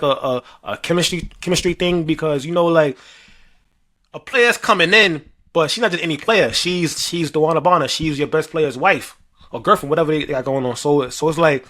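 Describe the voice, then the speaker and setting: Young New man, podcast co-host, high and bright, animated trash-talker. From New York. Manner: animated, rambling, heavy slang and filler, trash-talking. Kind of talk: casual sports chat.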